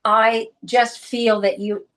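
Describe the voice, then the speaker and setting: A woman's voice: on the high side, little pitch movement, slow pace, fairly bright tone. A woman, a guest on a video call, telling a personal story candidly with emotion and restarts. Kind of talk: casual video-call interview.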